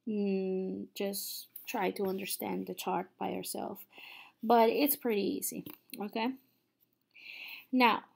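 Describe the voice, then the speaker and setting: A young adult woman, a Spanish teacher, gives a recorded online lesson, patiently explaining each step and often checking in with "okay?" Her voice sits at medium pitch and has a creaky quality.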